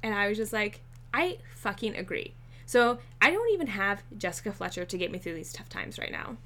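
A woman's voice: mid-range voice, brisk. A woman co-hosting a casual podcast chat, telling stories with plenty of swearing. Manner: swears a lot, animated storytelling. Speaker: podcast co-host.

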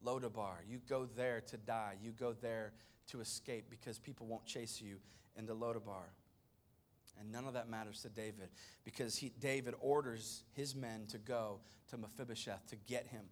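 A male pastor retelling a scripture story as a sermon, dramatic, swinging between loud stretches and hushed ones. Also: medium pitch, steady tone, moderate pace.

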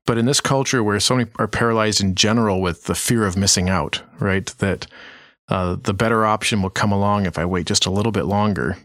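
A man hosting a casual podcast, with a slightly low voice. He asks questions in a measured, thoughtful way. The sound is dry and close. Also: fairly bright tone, no echo.

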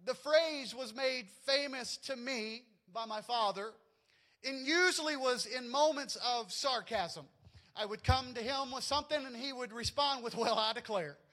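A man's voice: very high voice, a little slow, sharp tone. A man with a Southern US accent preaching a sermon to his congregation in a church, folksy and joking with them. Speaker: pastor.

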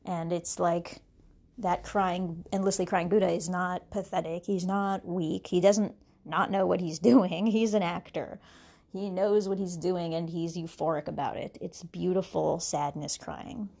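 Rambling husky-voiced woman musing aloud. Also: fairly low pitch, fairly even intonation, a little slow, mellow. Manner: rambling, wandering with many restarts and fillers; laughs between thoughts. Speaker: podcast host. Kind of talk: casual spiritual musing monologue.

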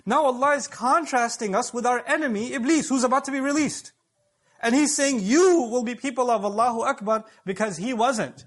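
A male preacher delivers a Friday sermon in a high voice. He speaks emphatically, explains each point and turns to his audience with questions. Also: a bit bright.

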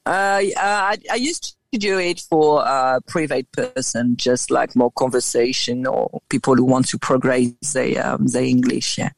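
Guest from France, native French, French accent with an Australian edge, chatty, giggly, middle pitch, dry sound. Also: a little slow, vocal fry, few pauses, no echo. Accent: French, with some Australian. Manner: laughs often, hesitant with fillers and restarts. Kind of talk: casual interview chat.

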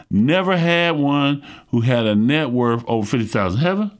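A middle-aged man with a gravelly voice preaching a sermon, fervent and emphatic, calling out to his listeners. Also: mid-range voice, lively intonation, normal speed. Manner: fervent, emphatic preaching with call-outs to the congregation. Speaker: pastor.

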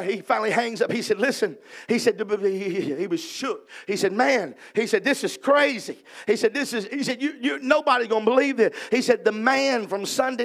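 A man's voice: sits high, vocal fry. A male evangelist preaching at a revival, telling a story in a folksy way and acting out the dialogue, building to fervent preaching.

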